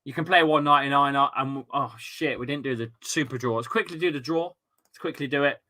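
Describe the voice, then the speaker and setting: Lad doing a footy watchalong stream, bright punchy voice, yells and swears at the game then chats to chat. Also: male voice, medium pitch, brisk. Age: adult with a young son. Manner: excitable, shouts and swears at the match, chats with viewers. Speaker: livestream watchalong host. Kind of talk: casual live football watchalong commentary.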